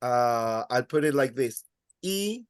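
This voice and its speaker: Slow, patient male teacher. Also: medium pitch, animated, clear, resonant tone, no room sound. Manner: patient, repeats words slowly for students. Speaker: Spanish teacher. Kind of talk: classroom teaching.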